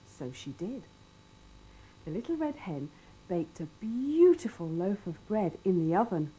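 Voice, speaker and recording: A woman reading a children's story aloud in an expressive, sing-song, playful way. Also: lowish voice, measured pace, husky, poor audio.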